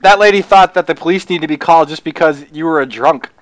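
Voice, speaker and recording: A prank call host bosses his friends around with profane jokes. He talks quickly in a slightly high voice. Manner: bossy, profane joking. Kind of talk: casual banter.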